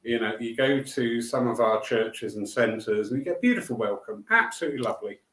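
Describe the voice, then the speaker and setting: A man's voice: mid-range voice, lively intonation, a little fast, fairly bright tone, echoey room, low-quality recording. A man, a spiritualist medium, talking casually to a live online audience and greeting viewers by name as he tells a story. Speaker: spiritualist medium hosting a weekly live talk.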